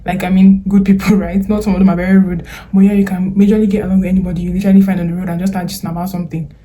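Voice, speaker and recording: Young nigerian woman vlogging, real chatty and earnest, super mellow dark tone, faint hiss behind. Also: fairly low pitch, little pitch movement, very fast. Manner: chatty, earnest, uses many fillers and Nigerian slang. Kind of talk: casual advice vlog.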